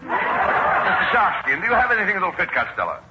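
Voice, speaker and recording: A man as a brisk, bossy straight man in 1940s radio comedy, on a muffled old broadcast recording. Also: high voice, big pitch swings, very noisy.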